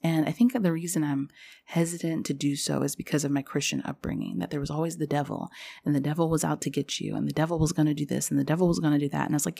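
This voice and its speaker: Podcast host: young woman, low gravelly voice, loose confessional rambling. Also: steady tone, quick pace, dark tone. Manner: rambling, confessional, heavy use of "like". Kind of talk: casual spiritual podcast monologue.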